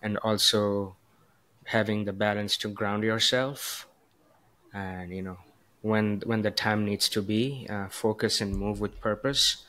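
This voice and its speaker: A male podcast host with a lowish voice that moves little in pitch. He speaks gently and reflectively, pausing often on "uh" and "um" as he sums up and thanks his guest. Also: steady tone. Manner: gentle, reflective, hesitant with frequent "uh" and "um". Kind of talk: casual podcast conversation.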